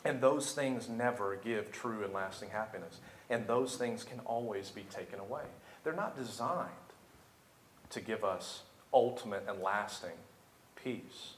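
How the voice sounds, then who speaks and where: A young adult pastor preaches with rising intensity, building to emphatic, repeated climaxes. His fairly low, slightly bright voice moves at normal speed in an echoey room.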